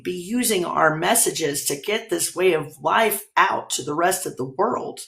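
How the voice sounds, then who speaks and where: A woman's voice: fairly low pitch, gravelly, a bit bright. A woman hosting a casual livestream, rambling, laughing often and swearing casually. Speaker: livestream host. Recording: roomy echo.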